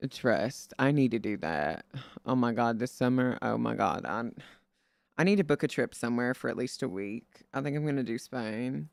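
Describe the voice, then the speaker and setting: A man's voice: medium pitch, moderate pace, gravelly, no room sound, clean studio sound. A man streaming and chatting casually, rambling and swearing as he gives friendly advice in a playful put-on Southern drawl. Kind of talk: casual chat.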